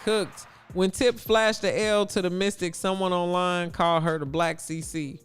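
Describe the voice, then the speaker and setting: A man hosting a casual sports talk livestream, chatty and blunt with animated asides. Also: high-pitched, moderate pace, clear, resonant tone, soft background music. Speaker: livestream host.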